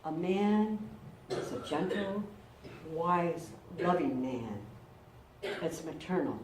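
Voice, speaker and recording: A middle-aged woman pastor preaching a lively, conversational sermon and acting out quotes. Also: on the low side, slow pace, a crowd in the background. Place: church sanctuary. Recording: echoey room, mic from far off.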